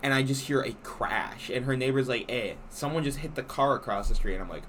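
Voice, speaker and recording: A young man on a casual podcast tells a story with animated energy. He swears freely as he goes. Faint background noise sits under his voice. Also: mid-range voice, a little fast, few pauses. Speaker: podcast co-host. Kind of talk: casual chat.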